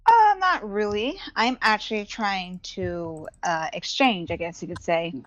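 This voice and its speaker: A woman player in a tabletop game talks in a casual, rambling way. Her voice comes through a dull, lo-fi mic with a dry sound, at a middling pitch. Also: expressive, measured pace, no room sound.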